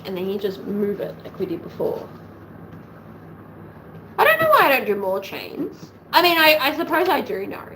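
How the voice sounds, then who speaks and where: A woman's voice: mid-range voice, noisy background. An Australian woman hosting a sewing livestream, chatting casually and rambling as she thinks aloud at home.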